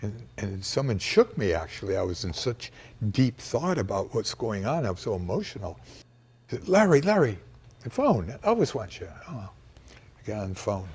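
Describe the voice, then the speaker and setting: A man recounting a personal memory in an emotional, halting way, pausing and restarting as he goes. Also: lowish voice, sing-song, darkish tone, husky. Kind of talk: personal storytelling.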